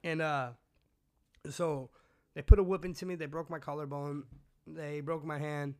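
A man from California tells his story in a loose, rambling way, swearing constantly and dropping slang as he goes. His voice sits a little high for a man. It is an interview, and he is the guest. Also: fairly even intonation, normal speed, dark tone. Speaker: guest recounting his past. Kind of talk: casual storytelling.

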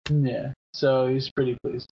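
A man in his thirties hosting a podcast in casual chat, rambling through shout-outs with many fillers and the odd swear word. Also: mid-range voice, little pitch movement, unhurried, a little hiss or hum. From Canada. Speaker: podcast host. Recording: dull lo-fi podcast audio.

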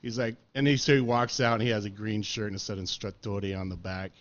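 A man telling stories in casual chat, animated and laughing, acting out what others said and often saying dude and man. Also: lowish voice, fast talker. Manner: animated storyteller, says dude and man a lot, laughs, acts out quotes. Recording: dull lo-fi sound.

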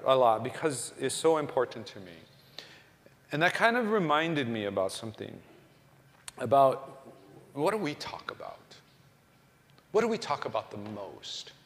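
A man's voice: mid-range voice, fairly bright tone. Man preaching in a reverberant hall. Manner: conversational preaching, many restarts and rhetorical questions. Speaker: pastor. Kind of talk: sermon.

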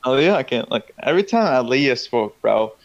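A man's voice: mid-range voice, big pitch swings, fairly quick, gravelly. A young man telling a story in casual chat, rambling and profane, with slang and many restarts. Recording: dull lo-fi sound.

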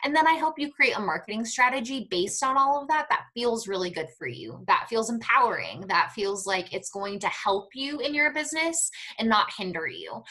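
A woman's voice: fairly high pitch, animated, moderate pace, hardly any pauses, rough recording. A woman guest on a podcast, talking in a chatty way about her marketing work, with many fillers. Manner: warm, chatty, lots of fillers. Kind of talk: casual podcast chat.

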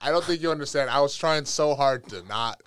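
A young man, a podcast guest, chatting casually and telling animated stories with playful voice impressions. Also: on the high side, a little fast, clear, resonant tone, no echo. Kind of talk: casual chat.

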